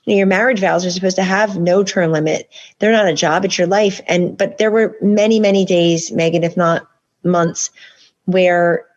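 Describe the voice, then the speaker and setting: A woman's voice: fairly low pitch, fairly even intonation, normal speed, lo-fi sound. A woman guest author in a political interview, making her points in long, insistent runs.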